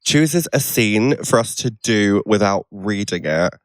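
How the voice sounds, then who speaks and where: Man, podcast host, casual chat, playful, self-mocking, very animated pitch, dry close mic. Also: unhurried, dry recording.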